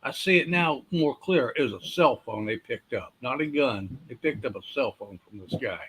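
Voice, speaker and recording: A man's voice: medium pitch, lively intonation, moderate pace, a bit bright, slight background noise, poor audio. A man chiming in with short, matter-of-fact remarks in casual chat.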